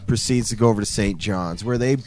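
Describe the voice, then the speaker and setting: A man's voice: fairly low pitch, fairly quick, a little mellow, faint music behind. A man co-hosting a casual podcast, telling a story bluntly and crudely, acting out what people said. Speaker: podcast co-host.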